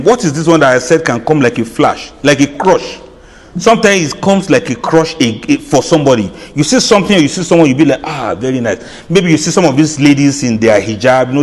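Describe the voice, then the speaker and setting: A man giving an informal religious lecture, chatty and often laughing, playing out reactions with soft drawn-out sighs. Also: fairly high pitch, in a large hall. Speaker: Islamic lecturer. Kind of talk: informal sermon.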